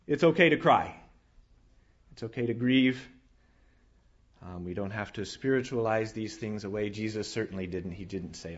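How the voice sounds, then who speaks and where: Man, preacher, sermon, earnest, emphatic then hushed, restarts phrases, muffled lo-fi sound. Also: expressive, moderate pace. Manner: earnest, swings between raised emphatic lines and quiet low passages, frequent restarts. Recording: dull lo-fi sound.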